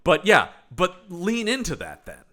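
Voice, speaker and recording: A man's voice: sits high, moderate pace, crowd noise. A man from the Pacific Northwest co-hosting a podcast, chatting casually and jokily about a movie. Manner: animated, jokey, lots of fillers and laughs. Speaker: podcast co-host. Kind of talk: casual film-review chat.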